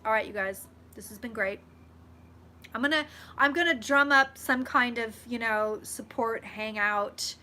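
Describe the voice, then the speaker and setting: A young woman runs a casual live vlog from home as a psychic, chatty and gushing, cursing freely as she reads comments from viewers. Her voice is fairly high and sharp, her pace unhurried.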